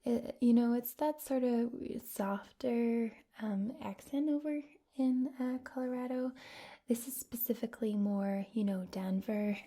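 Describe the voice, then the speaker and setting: Woman from Scotland, ASMR creator, slow husky whisper, rambling talk. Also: on the high side, warm tone. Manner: rambling, many fillers.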